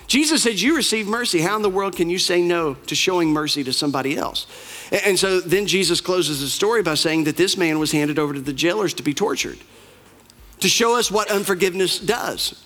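High-voiced preaching man. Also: a bit bright. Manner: emphatic, repetitive preaching with rising intensity. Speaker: pastor. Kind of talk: sermon.

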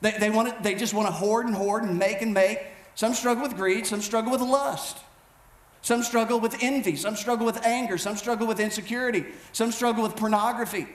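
A man preaching a storytelling sermon as pastor, animated and self-mocking, with many quick restarts. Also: sits high. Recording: echoey room with faint background noise.

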